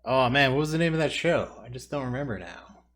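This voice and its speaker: A man hosting a trivia video plays along, thinking out loud and rambling casually while trying to recall answers. His mid-range voice is animated, fairly quick, and a bit bright.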